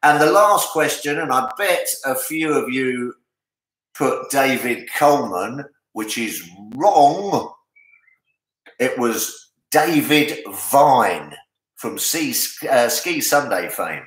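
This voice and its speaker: An Englishman runs a charity pub quiz in a bright, easygoing voice. He jokes between the questions and draws out each answer. The sound is roomy and echoey. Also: mid-range voice, very animated. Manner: jokey, chatty, reads answers slowly. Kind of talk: casual charity quiz hosting. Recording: echoey room.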